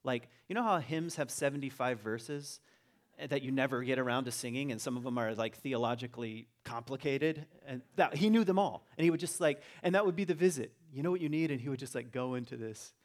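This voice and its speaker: A man's voice: mid-range voice, fairly quick. Man telling a family story, conversational. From Virginia. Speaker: teacher giving a talk. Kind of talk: personal storytelling talk.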